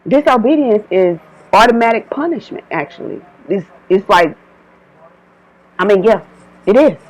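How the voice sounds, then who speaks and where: A woman's voice: mid-range voice, animated, moderate pace, low-quality recording. A woman delivering an informal channeled spiritual message, emphatic and repetitive, switching between her own words and quoted divine warnings.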